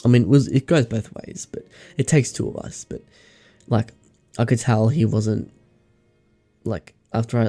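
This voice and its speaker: A man's voice: mid-range voice, unhurried, pauses often, warm tone, soft background music. A young man with an Australian accent chatting casually to camera in a vlog, rambling, slangy and sweary. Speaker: vlogger.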